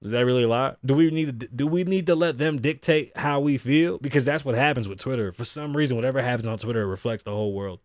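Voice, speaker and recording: A man's voice: medium pitch, fast, few pauses, dry recording, clean studio sound. A man in his thirties hosting a podcast, talking casually in a rambling, profane way and laughing often. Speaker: podcast host. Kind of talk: casual chat. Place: home studio desk.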